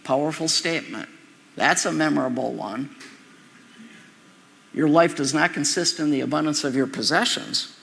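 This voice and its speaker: A man delivers a sermon in a chatty, wandering way, stopping for asides and repeating himself. His voice is slightly high, with a gravelly edge and a bright, forceful tone. The sound rings with the long reverb of a large hall. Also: moderate pace, pauses often. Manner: conversational preaching with asides and repeated words. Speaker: pastor.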